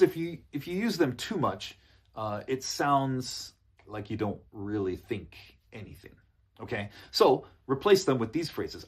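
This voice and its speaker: A man teaching business in a relaxed spoken lesson, often checking in with "okay?". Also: mid-range voice, slightly rough. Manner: relaxed, repeats points, ends with "okay?". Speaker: English coach. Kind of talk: casual spoken lesson to camera.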